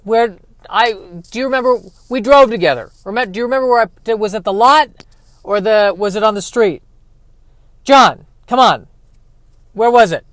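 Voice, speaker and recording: A man's voice: sits high, normal speed, a bit bright, dry recording, pitched above the performer's own voice. A man doing an impression of a flustered, rambling musician searching for his car. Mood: frantic. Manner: frantic, rambling.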